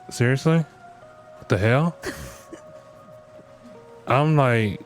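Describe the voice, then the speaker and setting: A man's voice: medium pitch, moderate pace, long pauses. Blunt man ranting over music. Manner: blunt, profane, acts out quoted voices. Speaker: podcast host. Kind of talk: solo comedic rant.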